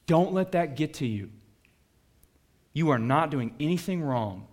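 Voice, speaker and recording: Man, pastor, sermon, lively preaching, fairly high voice, rhetorical questions, loud bursts and soft asides. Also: measured pace. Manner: animated, swings between loud bursts and quiet asides.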